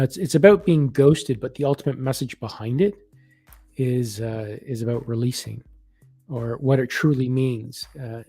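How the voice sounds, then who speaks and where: Mellow, husky male psychic reader. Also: mid-range voice. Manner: warm affirmations, many restarts. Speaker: psychic reader hosting a live event. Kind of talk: live online reading, casual chat.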